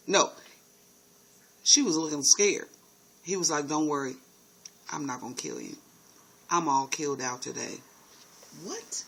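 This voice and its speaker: Sassy high-voiced man recapping TV. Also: bright, forceful tone, low-quality recording. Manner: sassy, chatty, calls viewers honey and baby. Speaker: TV recap host. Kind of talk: casual TV recap commentary.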